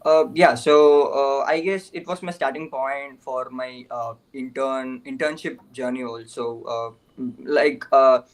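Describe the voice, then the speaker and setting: A man's voice: mid-range voice, steady tone, measured pace, poor audio. A young man, a student guest in an interview, answering casually with many fillers and frequent chuckles.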